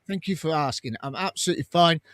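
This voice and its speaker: A man's voice: fairly high pitch, fast talker, a bit bright, dry recording. A man hosting a casual live fan stream, reading viewer comments aloud in a chatty way and laughing often. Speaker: fan channel host.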